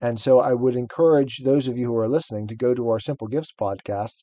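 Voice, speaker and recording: A podcast co-host with a mellow, medium-pitched voice talks fast, discussing a book casually yet in an earnest, explanatory way. There's no echo.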